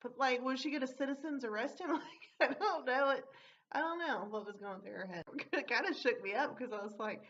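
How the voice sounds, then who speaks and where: A woman's voice: sits high, a little fast, fairly bright tone. A young woman telling a story from her old job in a casual, rambling way, with many fillers and some swearing. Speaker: vlogger. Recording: dull lo-fi audio.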